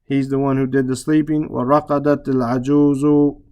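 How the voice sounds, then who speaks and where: In a lo-fi recording, a man with a mid-range voice and level tone teaches Arabic reading. He translates lines and explains grammar slowly and patiently, repeating words and spelling out letters.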